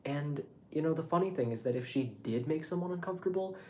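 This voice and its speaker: A young man vlogging in a casual monologue, rambling and animated and swearing freely. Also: a little high, fast, a little hiss or hum.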